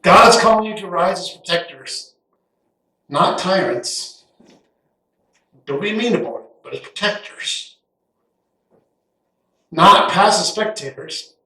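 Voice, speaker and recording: A man's voice: high voice, recorded from a distance. Folksy preaching man in an echoey church. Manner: folksy and animated, acting out Bible characters in quick asides. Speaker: guest pastor. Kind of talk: sermon. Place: church sanctuary. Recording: echoey church hall, voice heard from afar.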